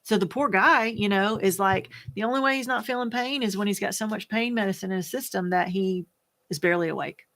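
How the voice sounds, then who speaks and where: A woman, a widow, talking candidly to the camera, soft-spoken and earnest, halting and searching for words with many fillers. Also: mid-range voice. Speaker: widow sharing her experience. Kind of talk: candid personal talk to camera.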